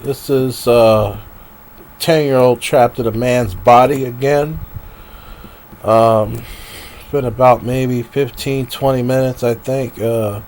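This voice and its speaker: A man's voice: medium pitch, fairly even intonation, slow pace, a little mellow, slight background noise. A man live streaming, rambling and venting in a profane, emotional rant.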